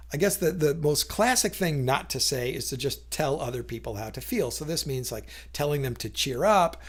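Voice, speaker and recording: A man explaining communication in a casual talk to camera, thoughtful, with frequent fillers and restarts, briefly acting out quoted lines. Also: medium pitch.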